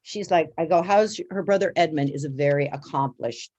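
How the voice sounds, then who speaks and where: A woman with a lowish voice tells her story with lots of energy. She acts out each quote, and her pitch leaps up as she does. It sounds like an interview guest on a roll. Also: a little fast, dull audio. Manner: lively, acts out quotes with big pitch jumps. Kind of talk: animated storytelling.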